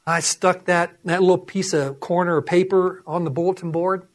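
A man's voice: sits high, normal speed. A middle-aged man preaching, telling personal stories and acting out the voices in them. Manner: animated storytelling, acts out voices. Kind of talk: sermon with personal testimony.

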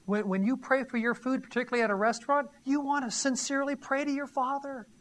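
A man's voice: very high-pitched, flat delivery, fast, a bit bright. Emphatic, teasing preacher man. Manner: emphatic, teasing, asks the audience questions. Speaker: pastor. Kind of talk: conversational sermon.

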